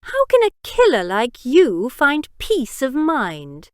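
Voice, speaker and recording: A woman voicing a cold young male vigilante who speaks in slow, menacing, deliberate sentences in a storybook reading. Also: sits high, wildly swooping pitch, smooth, no echo, clean studio sound, voice pushed up, full character voice.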